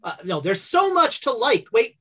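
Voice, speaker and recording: A woman's voice: mid-range voice, animated, moderate pace, a bit bright. A woman hosting and running a tabletop game, making casual announcements and jokes. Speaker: game master and show host.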